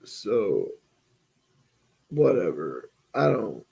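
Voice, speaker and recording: A man's voice: deep voice, big pitch swings, drawn-out words, vocal fry, dark tone, slight background noise. A sleepy man co-hosting a casual podcast chat, laid-back and profane. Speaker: podcast co-host.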